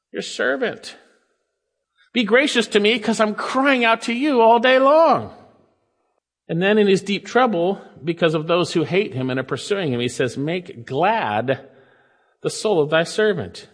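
A man preaching a sermon, emphatic and quoting scripture, changing his pace and volume often. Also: high-pitched. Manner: emphatic, varies pace and loudness, quotes scripture. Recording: long reverb of a hall.

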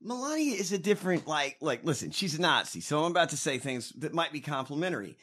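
A man co-hosting a comedy podcast, talking in a loud, profane, ranting way. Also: on the high side, big pitch swings, fast talker, husky. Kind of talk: casual profane comedic chat.

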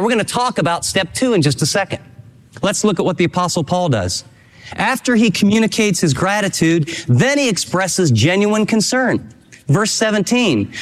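A man preaches with emphatic energy. His voice sits high and moves in lively leaps. A long reverb hangs behind him, as in a large hall. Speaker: pastor. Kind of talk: sermon.

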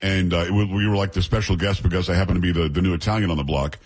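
A man's voice: low-pitched, rapid-fire, breathy edge. A middle-aged man hosting a radio talk show, telling stories and acting out the people in them. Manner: animated storyteller, does voices in anecdotes.

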